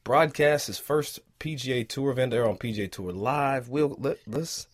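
A man co-hosting a podcast in casual chat, an animated storyteller who laughs often. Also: medium pitch, moderate pace. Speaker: podcast co-host.

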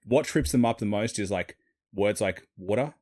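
A young man with a soft urban Australian accent and a somewhat low voice. He tells stories in an easygoing, amused manner, hosting a casual chat. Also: moderate pace. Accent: Australian, city. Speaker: podcast host.

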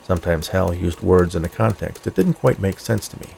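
A man reading a story aloud in a dry, measured narrating manner. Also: deep voice, vocal fry, a little mellow, a little hiss or hum. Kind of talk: scripted narration.

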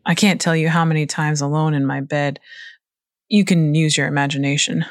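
A woman's voice: sits low, steady tone, moderate pace, no room sound, studio quality. A woman reading as a cocky young man. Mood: confiding. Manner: casual, slangy, defensive. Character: cocky young man, hippie music fan.

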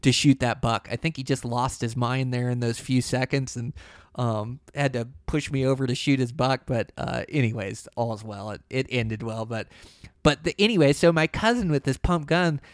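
A man recounts a hunting story in loose, casual talk, leaning on "you know" and "like" as he goes. His voice sits at an ordinary middle pitch and livens up when the action builds. The recording is close and dry, with no room sound. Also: moderate pace, no echo. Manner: rambling, full of "you know" and "like". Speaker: hunter telling a story.

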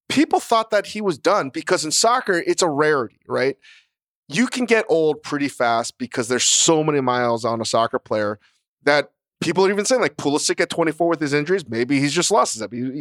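Higher-voiced man, animated profane chatter. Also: dry recording, studio quality. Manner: animated, profane, laughing storyteller. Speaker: podcast co-host. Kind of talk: casual chat.

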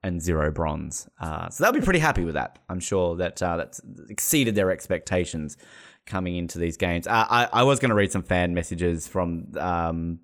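A man hosting a casual sports chat, rambling and joking with frequent laughs. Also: normal speed. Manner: rambling, jokey, laughs often, lively pitch. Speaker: podcast host.

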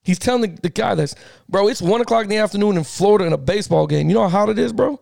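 A middle-aged man with a high, gravelly voice tells a story in a fired-up podcast chat. He keeps circling back in slang and laughs often. His voice is recorded dry and close. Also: very fast, a little mellow, no room sound. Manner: slangy, repeats himself. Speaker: podcast co-host. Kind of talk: casual sports podcast chat.

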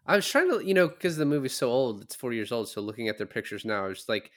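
A man in casual podcast talk, rambling along with plenty of filler words and an average, middle pitch. He hosts the show and chats in a loose, easygoing way. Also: big pitch swings, fast talker, a bit bright.

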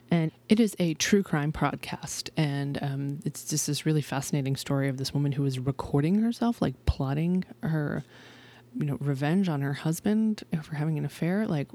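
A woman's voice: deep voice, dark tone. A woman in her thirties hosting her own podcast, talking in a chatty, bubbly way with many fillers. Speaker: podcast host. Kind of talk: casual podcast intro and interview.

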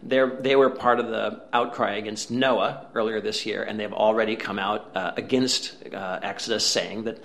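A man's voice: lowish voice, flat delivery, gravelly, fairly bright tone. A man hosting a movie podcast, talking through a film review in casual chat. He is wry and chatty. He often stops mid-thought on "uh" before pressing on. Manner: wry, chatty, prone to filler pauses. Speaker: podcast host, film critic. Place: empty office room.

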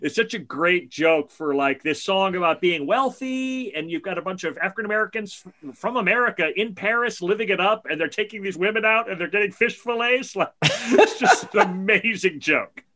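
A man co-hosting a podcast in casual music chat, enthusiastic and quick to laugh, peppering his talk with "like". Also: high voice, expressive, sharp tone. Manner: chatty with many "like" fillers. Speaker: podcast co-host.

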